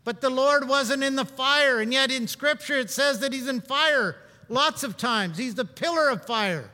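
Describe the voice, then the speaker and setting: A man preaching a sermon in a conversational, humorous way, swinging between loud and hushed. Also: extremely high pitch, moderate pace, big-room sound.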